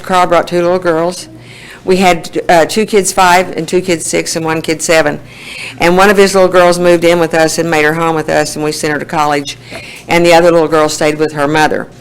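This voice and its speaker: A woman's voice: lowish voice, clear, resonant tone, low-quality recording. A woman in her sixties with an Oklahoma accent, telling her life story in a folksy way at a recovery meeting, laughing often. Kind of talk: personal testimony.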